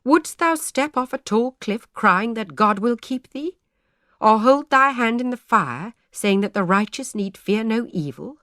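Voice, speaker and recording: In a clean studio recording with no room echo, a woman speaks a little high, above her natural voice, with an expressive, unhurried delivery and a fairly bright tone. She voices a troubled, devout male parson, using grave and formal old-fashioned speech.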